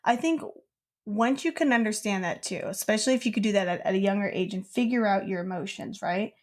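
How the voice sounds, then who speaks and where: A woman's voice: medium pitch, brisk, a little mellow. A young woman co-hosting a podcast, telling a childhood story in casual chat, rambling with lots of "like.". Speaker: podcast co-host.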